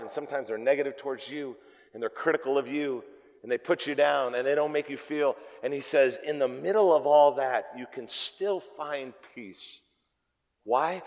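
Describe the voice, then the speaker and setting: A man preaching a sermon as pastor, telling jokey stories and swinging between loud and hushed delivery. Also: mid-range voice, vocal fry. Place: church hall. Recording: long reverb of a church hall.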